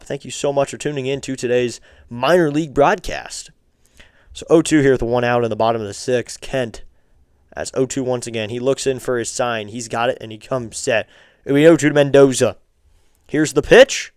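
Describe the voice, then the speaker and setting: A man with a smooth, resonant voice calls the pitches of a baseball game for his live stream. He keeps it loose and chatty between pitches, greeting the chat and pushing for likes and subs. The sound is close and dry, with no room around it. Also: darkish tone, no room sound. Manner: casual, chatty, asking viewers for likes and subs. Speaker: streamer doing play-by-play.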